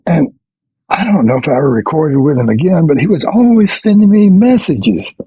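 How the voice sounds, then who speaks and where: An older man, a veteran session bassist, telling rambling anecdotes in a podcast interview and chuckling between stories. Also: big pitch swings, moderate pace, a little mellow, breathy edge, no echo, poor audio. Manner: rambling anecdotes with restarts and quoted dialogue.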